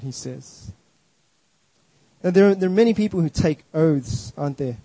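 A man's voice: on the high side, moderate pace, warm tone, no room sound, poor audio. A man preaching a sermon in an earnest, emphatic way, often restarting his words.

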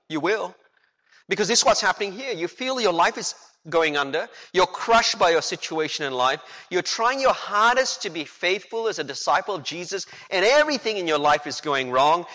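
Animated preacher in a reverberant hall. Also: male voice, high-pitched. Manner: animated, rhetorical questions, acts out quotes. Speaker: pastor. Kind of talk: sermon.

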